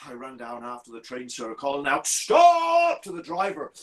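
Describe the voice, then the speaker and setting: A haunted railway signalman, deferential and halting, his words stumbling as he pleads with his listener, as a man puts him on. He speaks at an ordinary middle pitch, with the hushed, strained manner of someone whose mind has no rest. A storyteller's performed telling. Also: close to an everyday voice. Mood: grieving, hushed. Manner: deferential, halting, repeats "sir" constantly. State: distressed and troubled.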